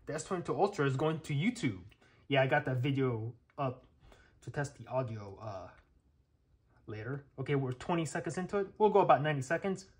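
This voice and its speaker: A tech reviewer runs a casual hands-on test on camera, talking viewers through each step. His medium-pitched voice is animated and a little fast, and he's chatty, thinking aloud with lots of fillers and checks.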